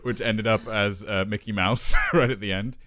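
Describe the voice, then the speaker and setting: A man's voice: on the low side, moderate pace, dry recording, studio quality. A young man from the UK co-hosting a chat show, telling self-mocking stories. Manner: self-mocking storyteller, animated. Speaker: podcast co-host. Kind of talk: casual chat.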